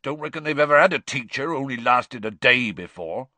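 A man voicing a huge, gruff male half-giant groundskeeper who is drunk and miserable and talks in a rough dialect. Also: medium pitch, expressive, a little fast, pushed and bright, no echo, voice pushed up. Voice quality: rough dialect, dropped words. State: drunk, slurred.

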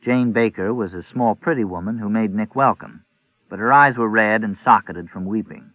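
A man narrating a novel in a measured, even reading. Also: fairly low pitch, no echo. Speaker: audiobook narrator. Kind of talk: scripted narration. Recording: tinny narrow-band audio, dry.

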